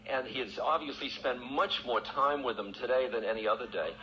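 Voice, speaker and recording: On a dull, lo-fi archival recording with faint hiss, a male spiritual teacher tells a personal story candidly and self-mockingly, often breaking into laughter. His mid-range voice moves fairly quickly.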